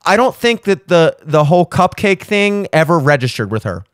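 A man's voice: on the high side, moderate pace, clean tone, no room sound, studio quality. Rambling young man telling a story. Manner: rambling, animated storytelling with voiced asides. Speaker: podcast host. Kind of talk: solo casual chat. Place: home studio.

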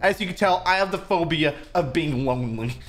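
A young man hosting a gaming video with friends, bursting into mock-panicked shrieks and then dropping to a low, gleeful mutter. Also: expressive, fairly quick. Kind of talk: playing a game with friends, comic commentary.

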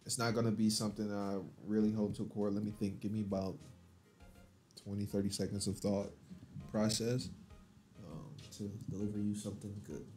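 A man's voice: lowish voice, little pitch movement, moderate pace, mellow, soft background music. A man co-hosting a game playthrough, cracking mock-serious jokes and teasing his partner in casual banter. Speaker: let's play co-host.

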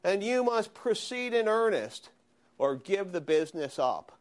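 A man lecturing a university history class, animated and questioning his students. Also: high-pitched, unhurried. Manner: animated, asks students questions, frequent "okay?". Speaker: history professor.

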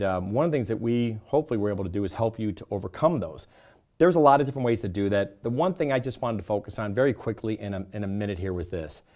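Middle-aged male sales trainer, lively and animated, plays both the customer and the rep. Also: fairly low pitch. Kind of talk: energetic sales coaching talk to camera.

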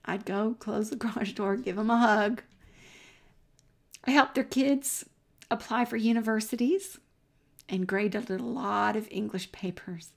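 Middle-aged woman with a gravelly edge. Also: mid-range voice. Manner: warm, earnest storytelling that drops to a near-whisper at times. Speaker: Christian speaker. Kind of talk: personal faith testimony, storytelling.

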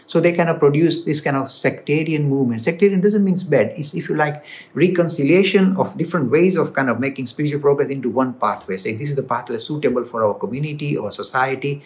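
Indian accent guy explaining stuff, gets emphatic, fairly high voice. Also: quick pace. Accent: Indian English. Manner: animated, emphatic, rises when stressing points. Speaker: speaker answering viewer questions. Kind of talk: explanatory talk on philosophy. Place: London studio.

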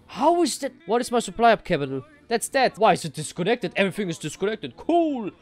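Excitable young man playing a strategy game. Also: sits high, a little fast. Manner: excitable, swearing, swings from mutters to shouts. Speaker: gaming streamer. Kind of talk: live strategy game commentary.

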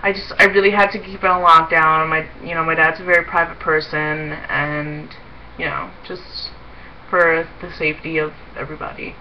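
A woman's voice: mid-range voice, bright, forceful tone, slight background noise, low-quality recording. A young woman chatting casually to her viewers in a rambling way, often breaking into giggles. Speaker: vlogger. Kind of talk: casual chat to camera.

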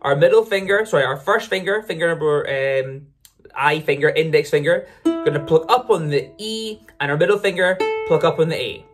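A ukulele teacher explains licks in an upbeat, casual manner, often correcting themselves mid-sentence. The voice is mid-range at normal speed, with ukulele playing between phrases and soft background music.

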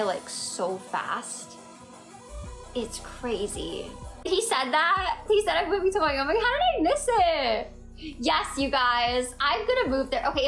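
A woman livestreaming from home on her phone and chatting with viewers. She is giggly and excitable and rambles from comment to comment. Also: high voice. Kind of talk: casual live chat reading comments. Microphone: phone mic. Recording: echoey room with faint music.

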